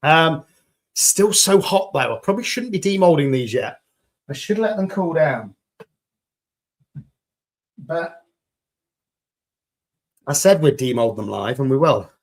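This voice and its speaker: A man with a British accent chatting enthusiastically on a live stream while demolding resin pieces, a little croaky after hours of talking. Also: fairly high pitch, sing-song, unhurried, pauses often. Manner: chatty and enthusiastic, greeting viewers.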